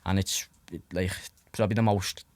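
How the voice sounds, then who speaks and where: A man's voice: low voice, little pitch movement, normal speed, a little mellow, dry recording. Rambling young Scouse man. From Liverpool, England. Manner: rambling, lots of "like" fillers and swearing. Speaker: podcast guest. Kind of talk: casual anecdotal storytelling.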